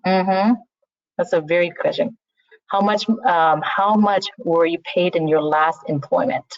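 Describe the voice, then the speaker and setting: A woman recruiter talks through interview advice in a loose, conversational webinar style, often saying "you know" as she goes. Her voice sits a little low. The audio is slightly muffled and dry, like a video call. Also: a little slow, dry recording. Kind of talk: webinar talk on interview skills.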